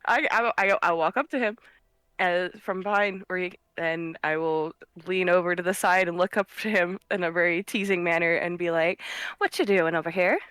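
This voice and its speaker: A woman's voice: on the low side, moderate pace, clear, resonant tone, dry recording. A woman playing a tabletop game, chatting casually and giggling often. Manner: giggly, animated, laughs often. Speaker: player.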